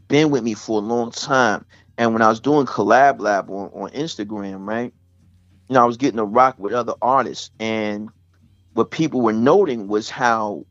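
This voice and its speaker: A man's voice: lowish voice, no room sound. A man, a rapper guest telling a story in a loose, rambling way, full of fillers. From Staten Island, New York. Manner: rambling, heavy with fillers like "you know what I'm saying". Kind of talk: casual emotional storytelling. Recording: dull, dry podcast audio.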